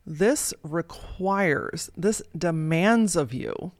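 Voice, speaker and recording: A woman's voice: on the low side, animated, very slow, no room sound, clean studio sound. A woman hosting a motivational podcast as a life coach, talking casually and emphatically with plenty of swearing.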